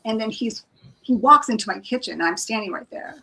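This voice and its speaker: Woman, gravelly, emotional storytelling, restarts, acted-out quotes, live stream guest. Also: fairly high pitch, expressive, fairly quick, sharp tone, low-quality recording. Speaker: psychic reader, guest.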